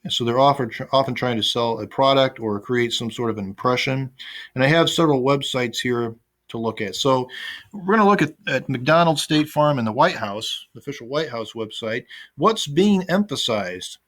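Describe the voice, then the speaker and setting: A man's voice: medium pitch, animated, moderate pace, fairly bright tone. A man teaching an online class, talking casually over a screen recording with plenty of fillers and restarts. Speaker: instructor.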